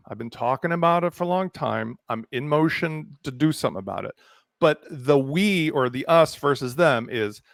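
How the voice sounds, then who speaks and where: Fired-up panelist guy from ukraine, bit of gravel in his voice, pitched kinda high. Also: dry recording, clean studio sound. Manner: passionate, emphatic, declares positions firmly. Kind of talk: heated round-table discussion.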